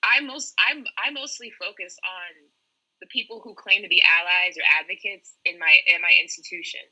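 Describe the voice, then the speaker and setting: A woman's voice: lowish voice, moderate pace, sharp tone, breathy edge, low-quality recording. A woman medical student on a podcast panel, telling a candid, emotional story in casual talk.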